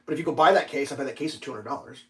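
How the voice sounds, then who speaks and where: A man's voice: medium pitch, very fast, fairly bright tone. A man telling a rambling, profane story on a casual livestream, full of fillers and restarts. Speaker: livestream host.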